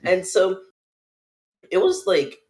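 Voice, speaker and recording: A young man in casual podcast chat, spinning a story from work with lively swings in his voice. He laughs through his lines and slips into quick impressions of the people in his story. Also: high-pitched. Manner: animated, laughing, acts out quoted people. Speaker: podcast co-host.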